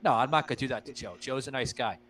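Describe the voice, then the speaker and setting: A man's voice: medium pitch, fast talker, fairly bright tone, low-quality recording. Man, podcast host, casual chat, profane, loose, filler-heavy. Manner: loose, profane, laughs a lot, addresses listeners as guys.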